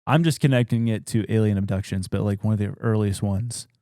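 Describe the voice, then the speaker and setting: A man's voice: fairly low pitch, fairly quick, dark tone, dry recording, studio quality. A young adult man, a podcast co-host, casually retelling a spooky old story with loose fillers and quoted dialogue.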